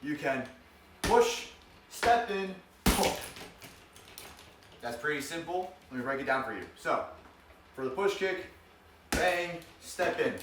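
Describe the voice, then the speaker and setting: A man's voice: a little high, moderate pace. Guy joking his way through a self defense lesson, calling out jabs, noisy background. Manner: playful, demonstrates moves while explaining, cracks jokes; energetic, calls out strikes during demonstrations. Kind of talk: joking instructional vlog. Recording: roomy, distant mic, noisy.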